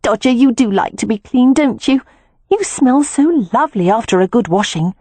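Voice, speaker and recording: A woman's voice: on the high side, lively intonation, normal speed, breathy edge, dry recording, pitched above the performer's own voice. A woman voicing Beatrix, an earnest animal-loving girl. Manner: earnest, gentle and matter-of-fact. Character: earnest young woman who loves animals.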